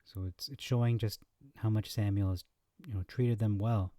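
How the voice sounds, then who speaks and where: Low-voiced man teaching scripture. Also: fairly even intonation, moderate pace, no room sound. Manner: reads verses aloud, thinks out loud with fillers. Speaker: Bible teacher. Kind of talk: scripture comparison lesson.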